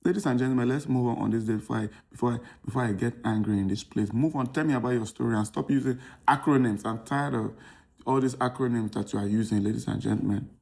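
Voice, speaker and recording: A man's voice: medium pitch, fast talker, vocal fry. A young Nigerian man telling a comic dating story as a podcast host, exasperated and often turning to the audience. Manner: exasperated, addresses audience as ladies and gentlemen.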